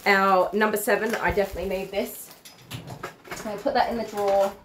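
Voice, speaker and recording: A woman's voice: medium pitch, fairly even intonation, brisk, fairly bright tone, a little hiss or hum, poor audio. A woman dog groomer hosting a casual livestream from her salon, chatty and easily emotional.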